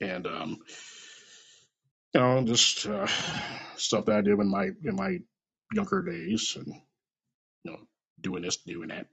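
A man telling a rambling, animated story late at night over a phone mic, swearing often and acting out the voices of people in it. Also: a little high, a little slow, vocal fry, pauses often, husky, lo-fi sound. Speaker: storyteller on an audio app.

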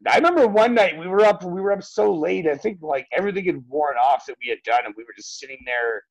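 A man reminiscing in casual chat, excitable and swearing. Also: a little high, fast talker, no echo, muffled recording.

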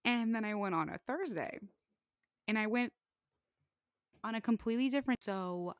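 A woman's voice: a little high, moderate pace, no echo, clean studio sound. Chatty young woman telling a story. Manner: chatty, full of "like", animated when quoting others. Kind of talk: casual storytelling chat.

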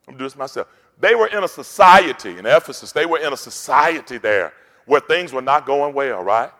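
A man's voice: mid-range voice, sing-song, a little fast, sharp tone. Man preaching in a reverberant church hall. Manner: rousing, call-and-response preaching. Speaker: pastor. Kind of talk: sermon.

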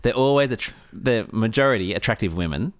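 A man's voice: fairly low pitch, animated, brisk, dry recording, clean studio sound. A man co-hosting a podcast, blunt and joking, laughing easily. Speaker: podcast co-host. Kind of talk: casual chat. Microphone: studio microphone.

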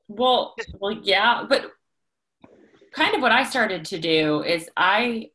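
A woman's voice: medium pitch, lively intonation, takes it slowly, bright, forceful tone. A woman co-hosting a casual chat, speaking candidly and reflectively about her own habits.

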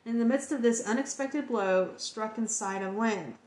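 A woman's voice: a little high, normal speed, darkish tone, roomy sound. A woman hosting a podcast, reading encyclopedia entries aloud in an earnest, heartfelt way. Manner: earnest, emotionally moved reading.

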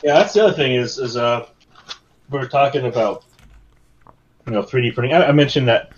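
A man's voice: medium pitch, a little fast, a little hiss or hum. A man on a casual podcast, telling stories in a rambling, meandering way. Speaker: podcast co-host. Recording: dull lo-fi sound.

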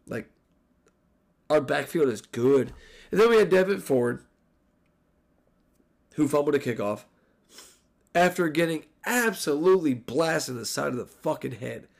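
Gravelly man ranting about football. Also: medium pitch. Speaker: podcast host. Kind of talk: solo sports recap podcast.

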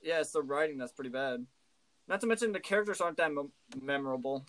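A man's voice: fairly high pitch, fast, low-quality recording. Laughing, profane man in casual chat. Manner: profane, laughing, animated storytelling. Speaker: co-host.

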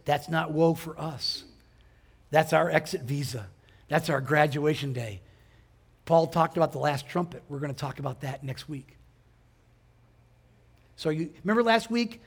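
Man, pastor, high voice, sermon, questions to the congregation, emphatic. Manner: conversational preaching with rhetorical questions to the congregation.

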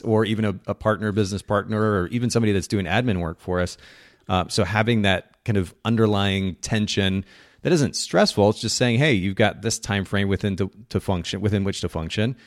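A man's voice: fairly low pitch, dry recording, studio quality. A man hosting a podcast interview, enthusiastic and encouraging, often laughing along with his guest. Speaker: podcast host.

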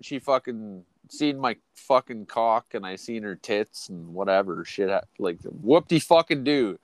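A man's voice: fairly low pitch, lively intonation, a little slow, no room sound. A middle-aged man hosting a podcast, rambling through crude, profane stories in casual chat. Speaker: podcast host.

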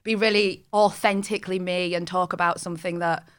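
A woman's voice: on the low side, steady tone, fairly quick, smooth. A woman and travel business founder talking candidly and with self-deprecating humour on a podcast. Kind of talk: casual podcast chat.

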